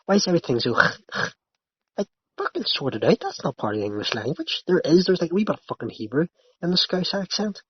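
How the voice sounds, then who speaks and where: Talking fast in a husky, fairly high voice with big pitch swings, a male podcast host rants and swears through casual back-and-forth with a friend. There's no echo, and the sound is dry, slightly muffled and lo-fi.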